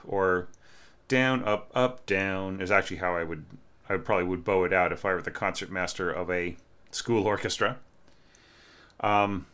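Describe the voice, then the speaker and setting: A man teaching orchestration, talking through a student's score in a relaxed, conversational way, often asking "right?" and singing phrases on syllables. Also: on the low side. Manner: conversational, keeps checking with "right?", sings phrases as "da, da" and "bum, bum". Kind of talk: informal music lesson.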